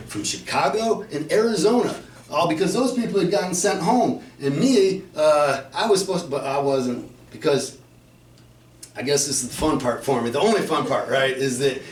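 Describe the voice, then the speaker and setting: A man from Flint, Michigan telling a profane comic story at an open mic, dropping to low mutters and bursting into shouts. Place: cafe open mic night. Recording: echoey room, mic far off, faint noise.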